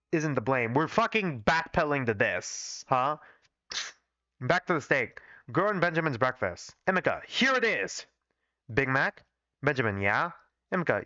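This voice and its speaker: A man on a live stream reading his old fan fiction aloud, pausing to criticize his own writing and swearing casually. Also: mid-range voice, bright, forceful tone, no echo, dull audio. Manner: self-critical, swears casually, reads every part himself.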